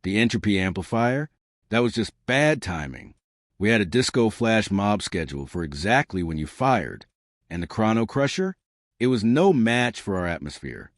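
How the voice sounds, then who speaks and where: A man's voice: fairly low pitch, very animated, normal speed, no room sound, clean studio sound. A man voicing a laid-back, teasing head of alien relations with a casual, breezy manner.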